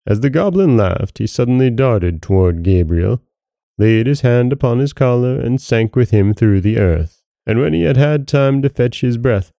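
A man narrating a classic story in a measured, dramatic storytelling style. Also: fairly low pitch, vocal fry, mellow, no room sound, clean studio sound.

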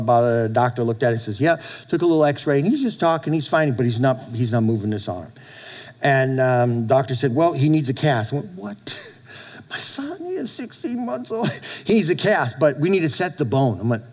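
A middle-aged man, a pastor, preaching a sermon in an animated way, often laughing and acting out little quotes. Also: medium pitch.

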